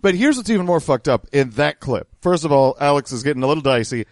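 A man's voice: on the high side, lively intonation, quick pace, no room sound. A man hosting a podcast, explaining things in a wry, casual way and swearing now and then. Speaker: podcast host. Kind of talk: casual commentary.

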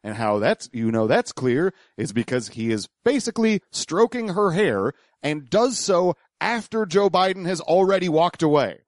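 A man's voice: fairly high pitch, sing-song, normal speed, hardly any pauses, dry recording, clean studio sound. A man co-hosting a podcast, explaining things at length in casual commentary, with lots of restarts and acted-out quotes. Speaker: podcast co-host.

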